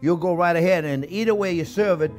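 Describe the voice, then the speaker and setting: A chatty man leads a cooking lesson, his voice sitting a little high for a man. He explains each step with lively energy, often checking in with his viewers. He sounds middle-aged and at ease. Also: fairly quick, faint music behind. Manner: animated, chatty, keeps asking "okay?". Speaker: chef and cooking show host. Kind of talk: cooking demonstration.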